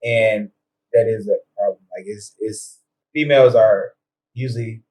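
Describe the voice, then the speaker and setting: Easygoing man chatting with halting restarts. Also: lowish voice, steady tone, darkish tone, poor audio. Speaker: podcast co-host. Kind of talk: casual chat.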